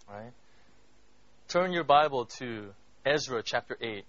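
A male pastor preaching a sermon in a chatty way, often checking in with the listeners, swinging from loud emphatic bursts to hushed moments. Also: mid-range voice, lively intonation, measured pace, long pauses. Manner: conversational, keeps asking "right?". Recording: dull lo-fi recording.

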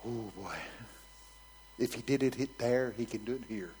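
A man's voice: medium pitch, moderate pace, a little hiss or hum, rough recording. Frank preacher man, dramatic volume swings. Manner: swings between soft near-whispers and loud emphatic bursts; frank, conversational, vivid storytelling. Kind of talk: sermon with dramatic storytelling.

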